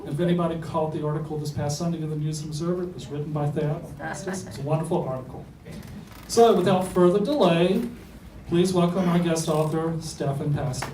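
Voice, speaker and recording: Higher-voiced man introducing guests. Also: steady tone, brisk, roomy sound, recorded from a distance, background noise. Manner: announcing, builds up to the welcome. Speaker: event host introducing guests. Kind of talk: scripted introduction.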